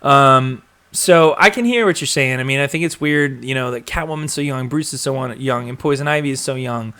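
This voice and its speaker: A young man chats loosely on a live stream, stopping often for ums and uhs and starting sentences over. His voice sits at an ordinary, middling pitch for a man, and his delivery stays relaxed and unscripted. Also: fairly quick. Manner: rambling, filler-heavy, chuckles and trails off. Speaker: host of a live show reading viewer comments. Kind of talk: casual live-stream chat.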